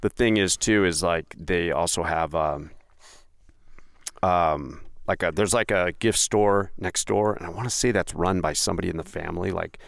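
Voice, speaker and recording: A man with a very low, gravelly voice hosts a podcast in a casual, rambling way, full of ums and restarts. The sound is dry and close. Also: moderate pace, dry recording. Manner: rambling, with many fillers and restarts. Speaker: podcast host. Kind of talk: casual chat.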